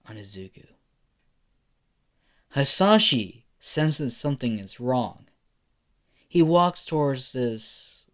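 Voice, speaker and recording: Slow casual young man narrating a fan story. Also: mid-range voice. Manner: casual, with fillers and self-corrections.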